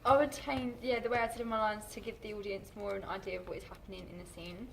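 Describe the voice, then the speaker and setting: A woman drama student answering quietly and hesitantly in a group discussion. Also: medium pitch, steady tone, quick pace, gravelly, slight background noise, poor audio.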